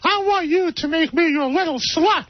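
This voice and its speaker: A man with a very high voice reading the part of a swooning woman in a hammed-up radio sketch. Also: normal speed, noisy background. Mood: hammy. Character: swooning adult woman, hammed lovers' scene. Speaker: show regular. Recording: dull radio studio sound.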